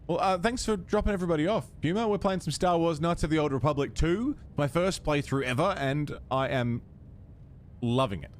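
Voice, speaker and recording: A man's voice: on the high side, fairly quick, a little hiss or hum. A young Australian man chatting casually on a game livestream, swearing freely and reading game lines aloud. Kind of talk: casual gaming stream chat.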